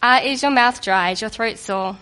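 A woman giving a sermon to a congregation in a lively, conversational and humorous way, just getting over a cold. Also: on the high side, moderate pace. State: recovering from a cold. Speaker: preacher.

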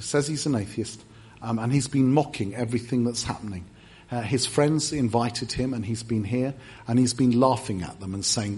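English male preacher, lively storyteller who acts out quotes, church setting. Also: medium pitch, slightly rough. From England. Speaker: guest preacher. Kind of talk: sermon storytelling.

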